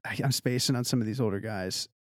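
A man's voice: fairly low pitch, quick pace, no room sound, studio quality. A man co-hosting a podcast, chatting casually and telling stories that wander, with lots of filler words. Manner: rambling, filler-heavy storytelling with lots of "like". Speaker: podcast co-host. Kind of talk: casual chat.

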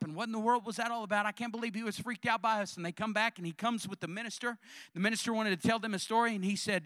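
A male pastor preaches with animated fervor, telling stories and driving home his points. His voice sits high and sounds bright and forceful. The recording is close and dry. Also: rapid-fire, no echo. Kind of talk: sermon.

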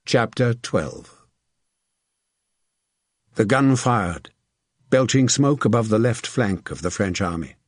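A man reading a historical novel aloud as narrator, in steady, measured storytelling. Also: fairly low pitch, slightly rough, dry recording, studio quality. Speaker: audiobook narrator. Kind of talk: scripted narration.

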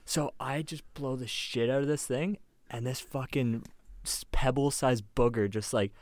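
A young man with a Canadian accent, co-hosting a podcast and telling stories with lively, sweary energy. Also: mid-range voice, moderate pace, no echo. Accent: Canadian English. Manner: animated, swearing storyteller. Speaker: podcast co-host. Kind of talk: casual chat.

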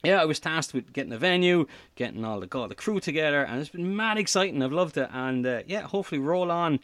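A man in his thirties, a podcaster talking as an interview guest, animated, with lots of fillers and restarts. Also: a little high, quick pace, no room sound. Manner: animated, repeats words, frequent fillers and restarts. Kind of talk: casual interview chat.

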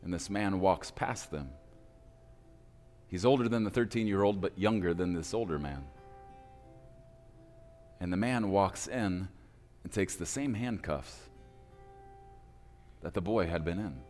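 Brief: male preacher, very deep voice, dramatic pauses, reverberant hall. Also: darkish tone. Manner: dramatic pauses, slowing for emphasis. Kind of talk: sermon storytelling. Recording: reverberant hall with faint music.

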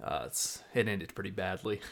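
A man's voice: sits low, moderate pace, vocal fry, a bit bright. A young man co-hosting a casual podcast, laid-back and teasing as he reasons through his point. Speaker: podcast co-host. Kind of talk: casual anime recap chat.

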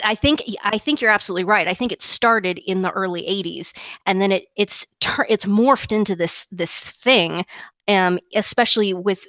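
A woman's voice: mid-range voice, a bit bright, dry recording. A woman co-hosting a podcast, ranting indignantly and emphatically, often restarting and repeating words. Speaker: podcast co-host. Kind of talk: opinionated podcast rant.

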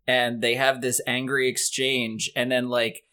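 A man's voice: medium pitch, flat delivery, measured pace, bright, forceful tone. A man hosting a casual podcast chat about an old movie, leading the talk and recapping the plot with wry asides. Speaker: podcast host.

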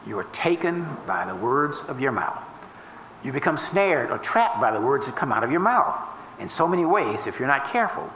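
Male minister, mid-pitched, preaching to a congregation; deliberate teaching delivery in a reverberant room. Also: sing-song, a bit bright, slight background noise. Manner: teaching, explains step by step with formulas and scripture; emphatic rises and drawn-out slow phrases. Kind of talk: sermon. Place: church before a congregation.

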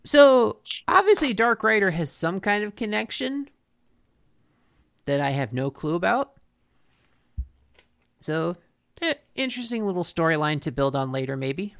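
A woman's voice: lowish voice, very animated, measured pace, vocal fry, pauses often, fairly bright tone. A woman co-hosting a casual chat, recapping a cartoon episode in a rambling way with lots of fillers and restarts. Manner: rambling, filler-heavy storytelling with frequent restarts.

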